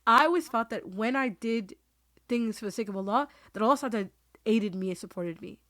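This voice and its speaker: A woman's voice: a little high, expressive, quick pace, fairly bright tone, dry recording, clean studio sound. A woman hosting a podcast, talking in an earnest, emotional way and laughing easily as she chats. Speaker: podcast host. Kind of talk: casual heartfelt conversation.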